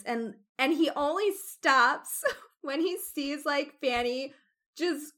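A young woman co-hosting a casual book discussion podcast, animated and full of "like", raising her voice when upset. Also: sits high, slow. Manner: animated, frequent "like", gets loud when upset.

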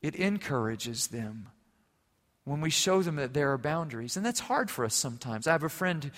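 A man preaching a sermon as pastor, swinging from loud emphasis to quiet, intimate passages. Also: on the high side, big pitch swings, normal speed. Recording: long reverb of a large hall.

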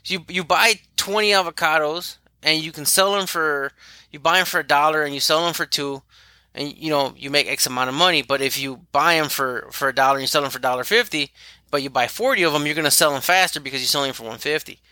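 A man's voice: fairly high pitch, fast talker, pushed and bright, no room sound. A man who runs an auto repair shop, telling stories in a loose, rambling way. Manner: loose, rambling, with frequent restarts. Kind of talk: casual storytelling chat.

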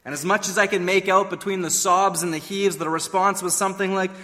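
A man's voice: high voice, steady tone, brisk, pushed and bright, in a large hall. A man preaching a sermon, emphatic and full of rhetorical questions. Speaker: pastor.

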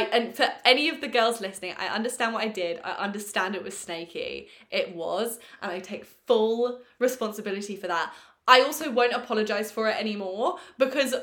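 Animated woman telling a story. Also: on the high side, normal speed, echoey room. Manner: animated, swearing, self-mocking storyteller. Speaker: podcast co-host. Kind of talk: casual storytelling chat.

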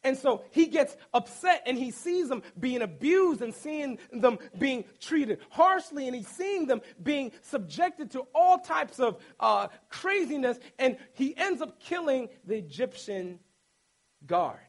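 High-voiced animated preacher. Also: male voice, unhurried, rough recording. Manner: animated, humorous storytelling with playful asides. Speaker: pastor. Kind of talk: sermon.

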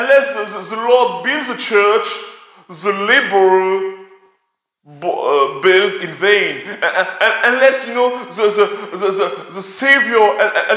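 A man's voice: sits high, bright, forceful tone. A man preaching a sermon, telling a story with lots of repeated words and restarts. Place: church hall. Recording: echoey church hall.

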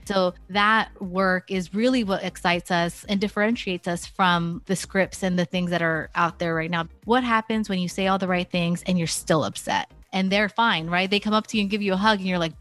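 A woman's voice: fairly low pitch, moderate pace, few pauses, fairly bright tone, no room sound, faint music behind. A woman in her thirties, a parenting course co-founder, talking candidly and reflectively as a guest, with many "like"s and "you know"s. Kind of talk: casual conversational interview.

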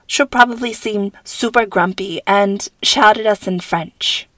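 A woman's voice: medium pitch, unhurried, fairly bright tone, no echo, natural voice. Woman voicing a chatty teen girl. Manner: chatty, confiding. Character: chatty knowing teenage girl.

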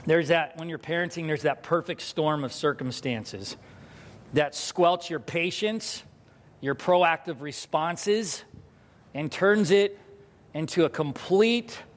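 A man preaching a sermon as pastor, telling a parenting story and acting out the scenes with lively energy. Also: on the high side, takes it slowly. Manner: animated storytelling, acts out scenes. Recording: hall reverb.

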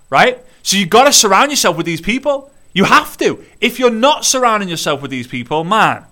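Bright, energetic motivational male speaker. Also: high voice, a little fast, few pauses. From United Kingdom. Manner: energetic, repetitive, rallying, direct address to listeners. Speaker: network marketing business coach. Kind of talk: motivational monologue.

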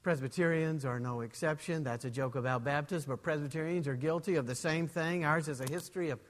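A man preaching a sermon as pastor in a church, in a measured way. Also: fairly high pitch, long reverb tail.

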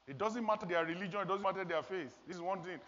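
A man's voice: sits high, fast, fairly bright tone. A man from Nigeria, preaching a sermon in an earnest, storytelling way. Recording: long hall reverb, dull lo-fi sound.

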